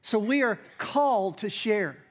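A man, preaching a sermon from a church stage. He talks in a relaxed way, full of asides, and slows down to stress key phrases. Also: sits high. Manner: conversational preaching with asides and emphatic slowdowns. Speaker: pastor.

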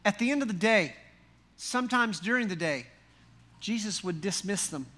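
A male pastor delivers a sermon with a high-pitched voice. His tone is bright and ringing. He keeps things folksy and animated, full of rhetorical questions and dry humor. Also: moderate pace.

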